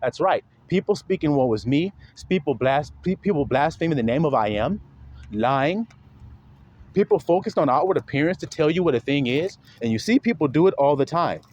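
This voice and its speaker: A man's voice: fairly high pitch, animated, fairly quick, darkish tone. A man preaching in a casual, blunt monologue, emphatic and profane, often mimicking other people's voices.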